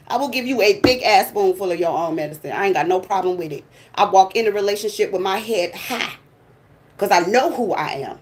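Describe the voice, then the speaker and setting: A woman's voice: mid-range voice, brisk. A woman hosting her tarot channel, giving a blunt, sassy, profane monologue in casual talk.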